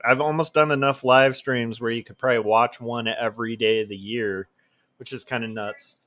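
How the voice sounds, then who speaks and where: A man's voice: mid-range voice, steady tone, moderate pace, a bit bright. A man in his forties talks casually to his viewers from home in a mid-range voice. He rambles, stumbles over words, and restarts sentences often. He makes easygoing, self-deprecating asides. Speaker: illustrator hosting his own livestream. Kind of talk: casual livestream chat.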